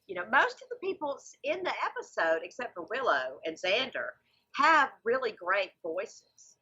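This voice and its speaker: A woman's voice: fairly high pitch, sing-song, normal speed, bright, forceful tone, breathy edge, lo-fi sound. A woman comedian chatting as a podcast guest, talking at length with enthusiasm. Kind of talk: casual podcast chat.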